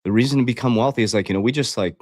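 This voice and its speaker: Very fast and a little mellow, this medium-pitched male voice belongs to a life coach on a livestream. He's blunt and confrontational, swears freely, and addresses viewers directly as "guys" in a motivational talk. Clean studio sound, no echo.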